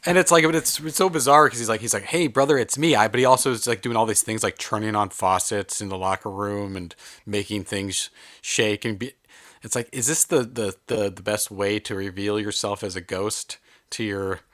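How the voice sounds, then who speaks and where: Low-voiced man rambling through a movie review. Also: moderate pace, dry recording, clean studio sound. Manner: rambling, hesitant, lively. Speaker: podcast co-host. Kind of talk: casual movie review chat.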